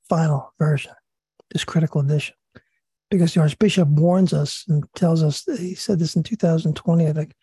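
Raspy-voiced man leading a religious study. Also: on the high side, warm tone, no echo. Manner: earnest, repeats himself, pauses with fillers. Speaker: study group leader. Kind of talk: religious study talk, reading and commenting.

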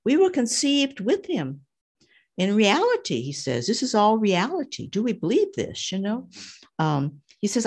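A devout woman reads a devotional passage and reflects on it in a prayer group. Her voice is gravelly with a touch of vocal fry, and she speaks gently, often saying "you know" as she thinks aloud. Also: lowish voice, very animated, unhurried.

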